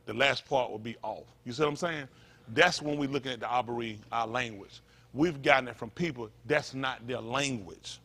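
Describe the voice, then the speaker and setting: Bright-voiced preacher man, fervent. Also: mid-range voice, normal speed. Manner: preachy, repetitive, rising to loud emphatic peaks. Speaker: pastor. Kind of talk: sermon.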